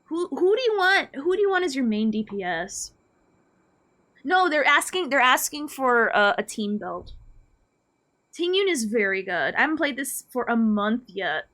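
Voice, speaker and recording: A woman live streaming a game, chatting casually with her viewers in an animated, playfully ranting and mock-scolding way. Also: high-pitched, moderate pace. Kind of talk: casual gaming stream chat.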